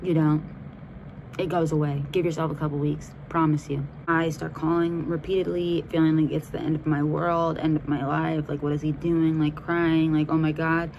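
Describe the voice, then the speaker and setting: Low-voiced woman telling a story bluntly. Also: level tone, normal speed, muffled recording. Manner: blunt, heavily profane, slangy. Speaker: podcast host. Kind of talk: casual storytelling monologue. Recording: noisy background.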